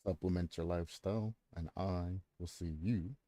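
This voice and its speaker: A man's voice: sits low, steady tone, normal speed, mellow, no room sound. A man hosting a stream, ranting at length with plenty of swearing and repeating himself as he makes his point. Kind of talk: casual ranting stream commentary.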